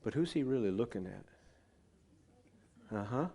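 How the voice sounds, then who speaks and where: A man's voice: mid-range voice, animated, normal speed, creaky, warm tone, husky. A male pastor, telling stories in a chatty sermon and asking his congregation questions. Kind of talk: conversational sermon storytelling. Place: church gathering.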